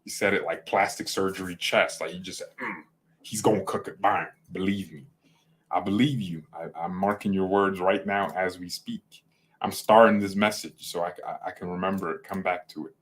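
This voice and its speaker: A man with a low-pitched, steady voice at normal speed hosts a fan channel livestream. His casual chat drifts around, full of self-corrections and humor.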